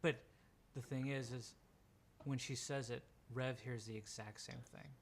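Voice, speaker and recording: A man's voice: mid-range voice, fairly even intonation, a little slow, very noisy. A man acting as game master, describing scenes in a tabletop game over voice chat, with a lot of filler words.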